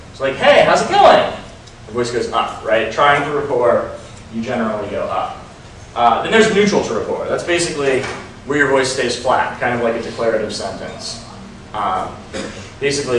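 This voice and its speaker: Man, casual seminar talk, mid pitch, roomy echo, faint background hum. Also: a bit bright. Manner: casual, frequent ums and likes. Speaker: dating coach. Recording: roomy echo, mic far off.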